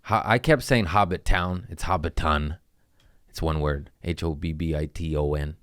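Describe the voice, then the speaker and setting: A man's voice: extremely low pitch, lively intonation, normal speed, smooth, no room sound, studio quality. A man hosting a podcast from home, telling loose, jokey stories in casual chat with swearing and trailing asides. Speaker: podcast host. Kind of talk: casual rambling storytelling.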